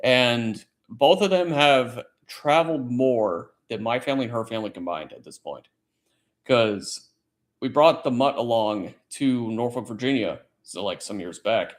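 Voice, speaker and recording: A man's voice: medium pitch, lively intonation, unhurried. A man hosting a casual late-night chat stream, telling a long story in a rambling, profane way. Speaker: livestream host; military service member.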